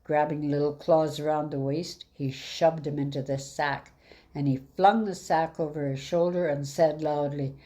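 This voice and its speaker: A woman reading a fairy tale aloud in an even, measured way. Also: sits low. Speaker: storyteller.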